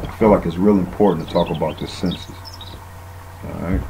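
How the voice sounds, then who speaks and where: A man's voice: low-pitched, fairly even intonation, fairly quick, gravelly, noisy background. A man giving a casual, rambling bible teaching, often saying "man" and using fillers.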